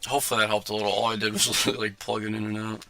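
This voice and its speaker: A man in his twenties hosting a casual livestream, telling a story with lively acted-out quotes and many filler words. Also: on the low side, very fast, gravelly, soft background music. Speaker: livestream host.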